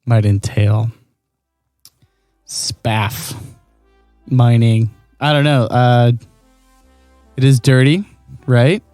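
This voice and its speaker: Male podcast co-host, squeamish and questioning, warm dark tone, dry close sound. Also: medium pitch, steady tone, very slow, long pauses, no room sound, faint music behind. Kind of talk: casual podcast banter.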